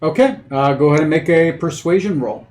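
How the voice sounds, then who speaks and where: Relaxed man running a tabletop game. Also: fairly high pitch, slight background noise. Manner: loose and halting, many fillers. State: has the hiccups. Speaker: game master.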